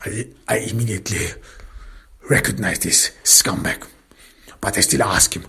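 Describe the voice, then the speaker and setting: Slow, husky, whispering male storyteller. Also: lowish voice, pushed and bright. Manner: intense, often whispered, with many restarts. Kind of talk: dramatic first-person crime narration.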